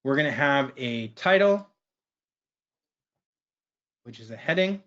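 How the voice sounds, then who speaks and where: A man presenting a webinar, walking through a software screen share in a casual way and tagging his sentences with "right?". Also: mid-range voice, lively intonation, slow pace, muffled recording. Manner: casual, keeps asking "right?".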